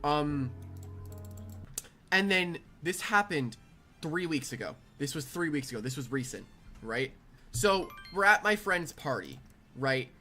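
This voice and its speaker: Young adult storyteller, rambling and animated, bright tone, soft game music underneath. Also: medium pitch, a little slow, pauses often. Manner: rambling, animated, restarts often. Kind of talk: casual storytime over gameplay.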